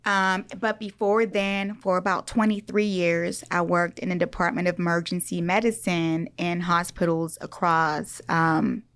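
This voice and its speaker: A middle-aged woman, a business owner, talking in a bubbly, animated and playful way as an interview guest. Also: lowish voice, a little slow, few pauses, clear, resonant tone. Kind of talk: casual interview chat.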